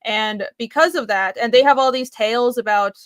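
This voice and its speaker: A woman co-hosting a casual podcast chat, talking in animated bursts with quick asides and laughs. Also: fairly high pitch, clean tone, dry recording. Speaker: podcast co-host.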